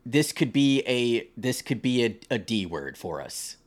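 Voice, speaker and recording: A man's voice: medium pitch, unhurried, hardly any pauses. A young man co-hosting a casual podcast, reading online posts aloud and reacting with swearing and jokes. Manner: animated, swears freely, laughs and jokes about the posts. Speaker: podcast co-host.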